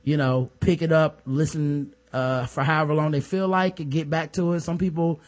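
A man's voice: on the high side, fairly even intonation, moderate pace. A man co-hosting a podcast in casual chat, reading listener reviews aloud in a laid-back, frank way and swearing freely. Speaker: podcast co-host.

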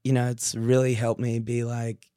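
A man's voice: mid-range voice, monotone, moderate pace, mellow, clean tone, no echo. Young male comic guest, loose rambling chat, mid-range voice, dry studio sound. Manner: rambling, filler-heavy storytelling. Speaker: podcast guest, comedian. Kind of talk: casual chat. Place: podcast studio.

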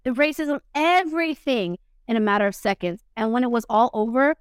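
A woman guest on a podcast, telling a personal story in a blunt, profane and animated way. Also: a little high, a little fast, clear, resonant tone, no echo, studio quality. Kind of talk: candid conversational storytelling.

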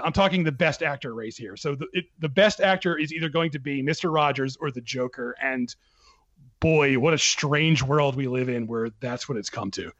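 A man talking about films as a podcast guest, in an animated casual way with many restarts and fillers. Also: on the high side, moderate pace, no echo, muffled recording. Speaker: film critic guest.

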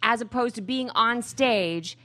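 A woman from the Netherlands, a native Dutch speaker, adding measured points to a studio chat. Her voice sits slightly high. The sound is dry and close. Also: pushed and bright, dry recording. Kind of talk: casual radio banter.

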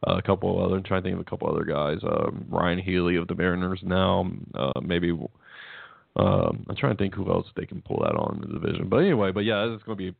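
A man's voice: low voice, sing-song, fast talker, creaky, dry recording. A man, co-hosting a casual sports chat, rambling and restarting his sentences. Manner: rambling, restarts often, laughs at own jokes. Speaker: podcast co-host. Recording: tinny phone-like line, dry.

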